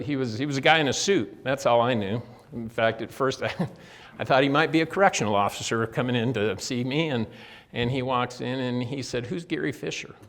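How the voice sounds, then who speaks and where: An older man giving a motivational talk as guest speaker, telling folksy stories, acting out quoted dialogue and addressing his listeners directly. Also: mid-range voice. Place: prison meeting room.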